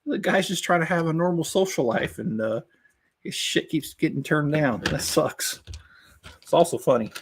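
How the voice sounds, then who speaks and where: A man's voice: fairly high pitch, animated, normal speed, slightly rough. A man hosting his own channel, chatting casually and telling rambling jokes full of fillers while he builds a toy set and greets viewers by name. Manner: rambling, joking storyteller with many fillers.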